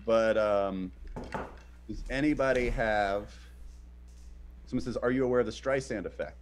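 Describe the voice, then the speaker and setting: There is a little hiss or hum behind this man's lowish voice, and he talks a bit slowly. As co-host of a casual streamed chat, he rambles with many hesitant fillers and brings his stories to life by acting them out.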